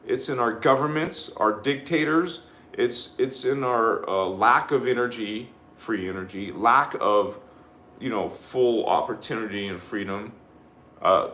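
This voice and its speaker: A spiritual teacher hosting a live show gives a sermon in a medium-pitched, fairly bright voice with a roomy sound. He's emphatic and repetitive and leads listeners in chanted affirmations. He rambles and keeps restarting his sentences.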